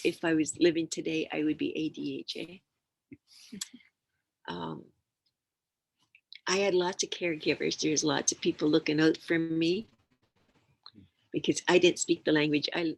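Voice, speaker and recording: An older woman tells stories in an unhurried storytelling way, acting out soft hushing sounds and coaxing calls. Her voice sits low, with a gravelly edge and a husky grain. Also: fairly even intonation, poor audio. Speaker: elder sharing teachings. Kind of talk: storytelling talk.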